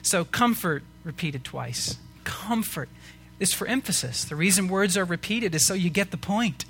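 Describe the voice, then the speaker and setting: A man's voice: high-pitched, expressive, normal speed, fairly bright tone, slight background noise. A man preaching a sermon as pastor, earnest and rising to emphatic questions to the congregation.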